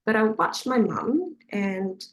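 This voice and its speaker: An Australian woman leads a faith group meeting, recounting a personal story in a chatty, hesitant way with plenty of fillers and frequent laughter. Her medium-pitched voice is expressive and slow, and the recording sounds roomy and echoey.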